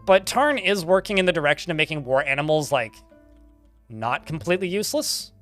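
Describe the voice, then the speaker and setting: A man's voice: fairly high pitch, expressive, fairly quick, soft background music. A man giving casual, chatty commentary while playing a game, laughing often and swearing offhand.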